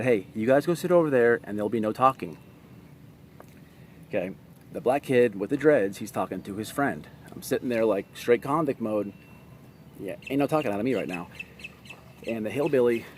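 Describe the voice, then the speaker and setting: A man's voice: lowish voice, a little mellow, a little hiss or hum. Blunt, profane man telling stories. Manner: blunt, profane, streetwise storytelling. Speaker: vlogger. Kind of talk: casual storytelling to camera.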